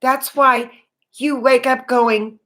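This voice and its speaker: A woman talking unscripted about her spiritual awakening, earnest and halting, with many fillers and restarts. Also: sits high, fairly even intonation, bright, forceful tone. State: tearful. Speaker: spiritual vlogger.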